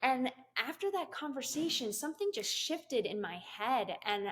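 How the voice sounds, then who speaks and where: A woman's voice: sits high, big pitch swings, moderate pace, fairly bright tone, slightly rough. A middle-aged woman, a guest on an interview show, telling her story in a casual, giggly way with many fillers and laughs. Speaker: guest, business coach and CEO.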